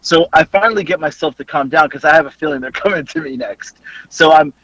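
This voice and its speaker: A man with a high, bright voice and a husky edge tells a story on a podcast. His pitch jumps around as he talks, and he swears and laughs his way through the tale. The sound is dry and close. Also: expressive, brisk, no echo, poor audio. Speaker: podcast host. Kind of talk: casual storytelling chat.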